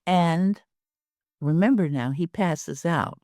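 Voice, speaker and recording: An older woman telling a personal story as a podcast guest, animated, often laughing and acting out the dialogue. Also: lowish voice, slow, no room sound, studio quality.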